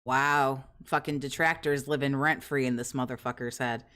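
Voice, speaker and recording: A woman's voice: very deep voice, fairly even intonation, moderate pace, fairly bright tone. A woman hosting a reaction commentary, mocking and sarcastic, swearing freely. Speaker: commentary host.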